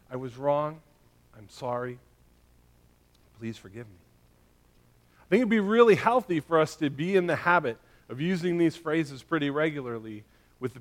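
A male pastor preaching a sermon in a conversational way, often checking in with his listeners by asking "right?" and "okay?". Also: on the high side.

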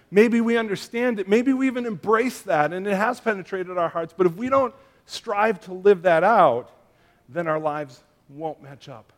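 Pastor guy preaching, kinda high voice, super chatty with lots of "like" and "uh", jokey family stories. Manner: conversational, chatty with fillers and asides; tells family stories with humor. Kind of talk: sermon.

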